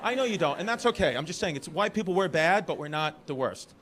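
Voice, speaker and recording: A man's voice: high-pitched, lively intonation, quick pace, noisy background. A man with a New York accent doing brash, teasing stand-up crowd work on a comedy club stage. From Brooklyn, New York. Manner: brash, teasing, rambling asides. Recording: live club recording with crowd laughter. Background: audience laughing.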